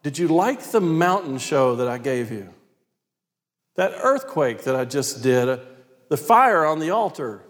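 God speaks as a patient male presence, asking searching, reproving questions, as a preacher puts him on. The voice sits a touch high and rings out with a long reverb. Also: big pitch swings, unhurried.

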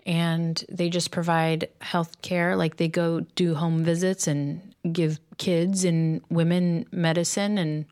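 Woman with a lowish conversational voice. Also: flat delivery, slow, hardly any pauses, darkish tone, smooth. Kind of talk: casual chat.

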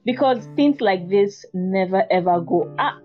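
A woman hosts a podcast interview, heartfelt and openly emotional as she thanks her guest. Her pitch is ordinary for a woman. The sound is dull and lo-fi, with quiet music in the background. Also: lively intonation, a little slow. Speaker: interview host.

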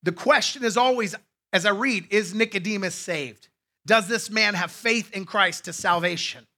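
A man's voice: high voice, normal speed, pushed and bright. A male pastor preaching a sermon in a conversational way, with asides to his congregation.

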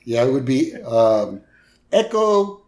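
A man's voice: medium pitch, big pitch swings, slow pace, a little mellow. A man co-hosting a podcast, casually recapping a cartoon episode with many short agreeing replies. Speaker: podcast co-host.

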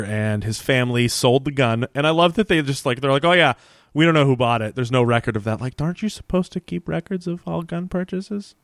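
A man's voice: medium pitch, no echo, clean studio sound. A man co-hosting a casual podcast, recapping a TV episode with laughs and acted-out lines. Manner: animated, laughing, acts out characters' lines. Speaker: podcast co-host.

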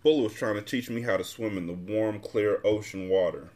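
A man hosting a podcast, reading a novel aloud in a casual, relaxed storytelling way. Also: fairly low pitch, normal speed.

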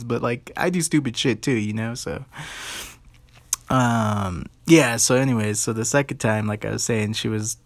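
Profane, rambling male podcast host with a gravelly voice, recorded dry and close. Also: mid-range voice, moderate pace, dry recording. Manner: rambling, profane, animated retelling. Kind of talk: casual storytelling podcast.

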